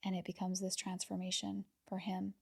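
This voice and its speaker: A woman hosting a podcast, talking casually and with enthusiasm, sometimes dropping to a soft near-whisper and repeating words as she gathers her thoughts. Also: mid-range voice, monotone, normal speed, creaky, husky. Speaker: podcast host. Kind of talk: casual reflective monologue.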